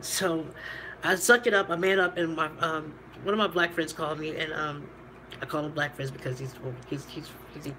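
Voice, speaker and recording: A woman's voice: low-pitched, fairly bright tone, slight background noise, rough recording. A woman vlogger telling a candid personal story, rambling and profane, laughing between lines.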